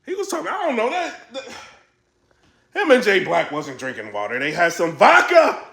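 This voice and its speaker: High, excitable man with a gravelly edge. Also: moderate pace, reverberant. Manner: animated, laughing, quoting others in a raised voice. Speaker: battle rap commentary vlogger. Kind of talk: excited casual commentary.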